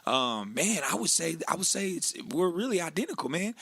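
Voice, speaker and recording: A man's voice: a little high, big pitch swings, a little fast, gravelly, fairly bright tone, husky, no echo. A young man in casual conversation, speaking earnestly and reflectively and often saying "man". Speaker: podcast co-host. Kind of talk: casual chat.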